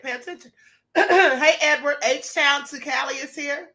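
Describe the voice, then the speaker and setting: A sassy woman hosts a live stream from home, greeting viewers by name and teasing her critics. Her voice sits high and sounds bright and sharp, with a slight hoarseness. She talks in a gossipy, playful way straight into her mic. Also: measured pace. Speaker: host of a live-streamed talk show. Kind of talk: livestream chat with viewer shout-outs.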